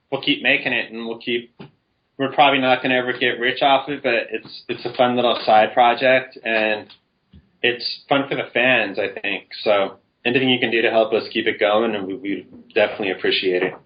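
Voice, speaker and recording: A man's voice: medium pitch, fairly even intonation, moderate pace, lo-fi sound. A man talking eagerly as a guest on a casual podcast, rambling about his web series. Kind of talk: casual interview chat.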